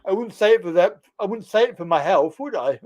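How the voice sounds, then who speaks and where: Lively, animated host with jokes. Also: male voice, high-pitched, a little fast, dull audio, a crowd in the background. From England. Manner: jokey storyteller, animated voices and laughter. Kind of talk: casual live-stream chat.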